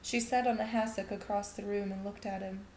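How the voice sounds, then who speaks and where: A woman reading a short story aloud in a steady, even narrating voice. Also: medium pitch, brisk, slight background noise. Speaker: reader. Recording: echoey room.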